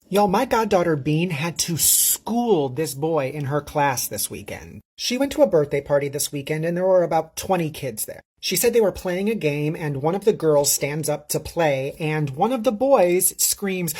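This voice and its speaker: A man's voice: on the high side, expressive, moderate pace, hardly any pauses, darkish tone, slightly rough. A man telling a comedic story in a sassy, gossipy way.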